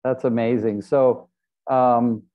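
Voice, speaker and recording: A man from Fremont, California, hosting an interview, responding in a reflective, affirming and measured way. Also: mid-range voice, little pitch movement. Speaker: podcast host. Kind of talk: interview conversation. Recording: tinny phone-like line.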